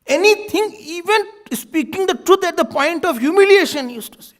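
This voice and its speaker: A man, a swami, telling a sacred story in an animated sermon and acting out the voices of its people. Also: very high-pitched, normal speed. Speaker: swami giving a spiritual discourse.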